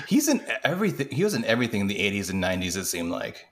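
A man from the US Pacific Northwest co-hosting a casual movie podcast, tossing in wry jokes and short reactions. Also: mid-range voice. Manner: wry, joking interjections. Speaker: podcast co-host. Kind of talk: casual movie recap chat.

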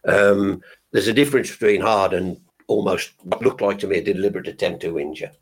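Husky Birmingham man, chatty storyteller. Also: deep voice, a little fast. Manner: chatty storyteller, frank and jokey. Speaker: veteran radio broadcaster, guest. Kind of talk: casual podcast chat.

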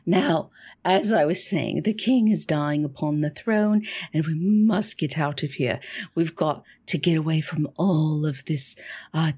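A woman voicing a talking female rat whose voice has just been healed, speaking in a measured, slightly formal way. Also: low voice, darkish tone, breathy edge, full character voice. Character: healed female rat, now well-spoken and calm.

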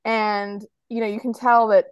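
A woman's voice: medium pitch, little pitch movement, normal speed, smooth, no echo, muffled recording. An American woman co-hosting a podcast in casual chat, animatedly retelling scenes and acting out the characters' lines. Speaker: podcast co-host.

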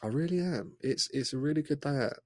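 A man's voice: on the high side, expressive, fast, dry recording. Male co-host, rambly, lots of ums, casual chat, dry close mic. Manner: rambling, hesitant with many ums. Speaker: podcast co-host.

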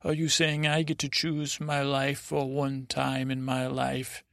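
A man's voice: mid-range voice, completely flat delivery, measured pace, creaky, a bit bright, no echo, clean studio sound. A man voicing a naive, lovesick young prince in a rambling bedtime story, with a whiny, childlike way of pleading. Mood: hopeful.

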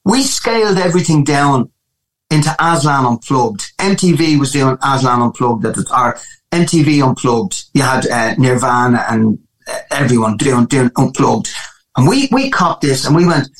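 Man with a Dublin accent, animated storytelling, slightly high voice, casual interview guest. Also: unhurried, poor audio. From Ireland. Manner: animated storytelling with many restarts. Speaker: guest musician.

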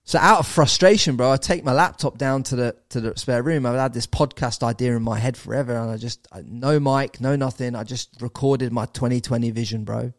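An English man in his thirties tells a long story as a podcast guest, animated and quick to swear, dropping bro and mate as he goes. His voice sits at a middle pitch. The sound is dry and close, with no room around it. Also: dry recording. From England. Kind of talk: casual storytelling.

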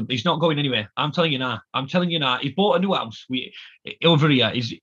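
A man's voice: on the high side, fast talker, fairly bright tone, husky, muffled recording. A man co-hosting a casual football podcast, ranting emphatically and repeating his points. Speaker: podcast co-host.

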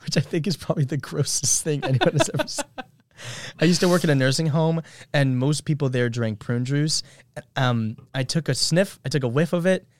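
A man's voice: on the high side, fairly quick, no echo. A young adult man hosting a podcast in casual chat, rambling and upbeat, with many fillers. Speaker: podcast host.

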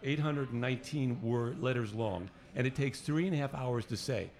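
A man in the middle register, neither high nor low, co-hosting a relaxed conversation show. He talks in an easygoing, joking way and trades banter with his partner. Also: normal speed. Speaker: podcast co-host. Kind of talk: casual chat.

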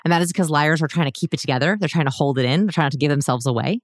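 A woman with a notably low voice talks animatedly, explaining her points and slipping into quick quoted voices. The sound is dry and close, with no room around it. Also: no room sound. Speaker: guest expert on body language. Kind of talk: casual podcast conversation.

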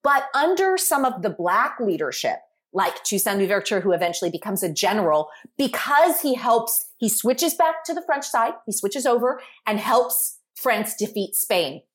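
A woman guest talking through a history topic on a podcast, explaining at length in a lively way with asides. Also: fairly high pitch, moderate pace.

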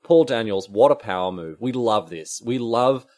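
A man's voice: medium pitch, normal speed. A young man with an English accent, co-hosting a casual podcast chat and rambling through stories with lots of restarts. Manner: animated, rambling with many restarts. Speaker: podcast co-host.

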